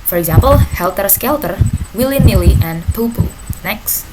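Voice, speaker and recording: A young woman gives a class presentation. She reads out definitions with halting pauses and says "next" between points. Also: mid-range voice, expressive, a little mellow. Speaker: student presenter. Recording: noisy recording with clicks.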